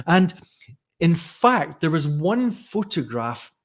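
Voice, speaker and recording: A man's voice: fairly high pitch, very animated, slow pace. A man talking casually as a teacher trainer in a live lesson, musing aloud with frequent restarts. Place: Barcelona.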